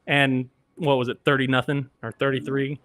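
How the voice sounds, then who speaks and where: A man who works as a radio engineer, a guest on a sports podcast, telling anecdotes in a lively way and acting out other people's lines. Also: mid-range voice, moderate pace, dry recording. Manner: animated anecdotes, acts out quoted voices. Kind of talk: casual storytelling.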